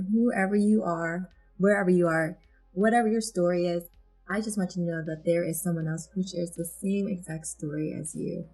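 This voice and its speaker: A woman's voice: fairly low pitch, poor audio. A woman guest, a photographer, talking in an earnest, heartfelt way in a casual interview, rambling a little with fillers. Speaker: guest, photographer and agency founder.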